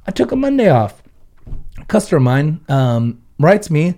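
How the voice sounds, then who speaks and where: A man's voice: a little high, sing-song, brisk, warm tone. A man in his thirties from Southern California who owns a car audio shop, chatting casually with blunt, profane storytelling and quoted back-and-forth. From Ventura County, California. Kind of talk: casual podcast chat.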